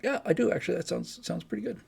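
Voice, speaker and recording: A man's voice: high-pitched, very animated, fast, vocal fry, a little mellow, slightly rough. A man hosting a casual livestream, rambling and chatty as he reads out viewer comments. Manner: rambling, chatty, with many restarts and fillers. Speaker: livestream host.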